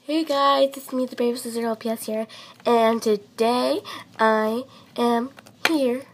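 Girl host, chatty vlog outro, gravelly, slow. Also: on the high side, steady tone. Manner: chatty, giggly. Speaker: channel host.

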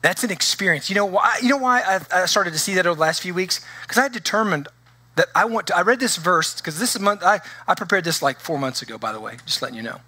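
A man pastor preaching a conversational, animated sermon in a church, with frequent restarts. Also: high-pitched, quick pace, no echo. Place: church sanctuary.

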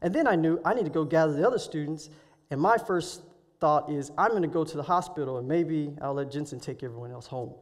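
A man preaching to students, telling a story with emotion, halting and restarting as he speaks. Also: on the high side. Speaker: guest speaker. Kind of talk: sermon storytelling. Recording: live hall recording with long reverb.

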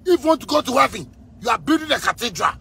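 A man in his thirties from Ghana with a Ghanaian Pidgin English accent, delivering an angry, repetitive rant with frequent shouting. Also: extremely high pitch, very animated, very fast, gravelly, slightly rough. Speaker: musician ranting on video.

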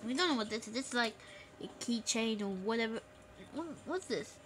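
Excitable high-voiced woman gaming. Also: a little hiss or hum. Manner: excitable, shrieks and laughs, repeats words rapidly. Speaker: gaming video creator. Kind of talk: casual gameplay commentary.

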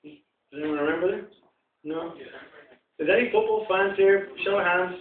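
A man's voice: sits high, moderate pace. A man with a London accent doing a rambling stand-up set, chatting with the crowd in a small pub venue. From England. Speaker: stand-up comedian. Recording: distant, tinny, echoey room recording.

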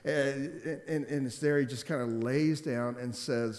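A man in his forties, a pastor preaching a sermon in a church, telling stories and swinging between loud emphatic stretches and quiet, subdued ones. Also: medium pitch, a little slow, hardly any pauses. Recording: long hall reverb.

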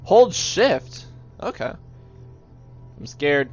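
A man's voice: a little high, expressive, normal speed. A young man playing a horror game, nervous and jumpy, mocking himself, dropping to whispers and then yelping. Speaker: gaming channel host. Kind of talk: let's play commentary. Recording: dull, lo-fi game capture with game music behind. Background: faint game music.

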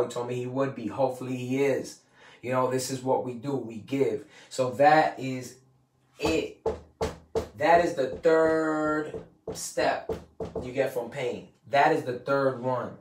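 A man's voice: medium pitch, fairly bright tone. A man hosting a podcast, giving a casual, profane motivational talk, rambling and emphatic and quoting people in put-on voices. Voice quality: swears freely, slangy street talk. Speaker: podcast host. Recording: roomy and distant from the mic.

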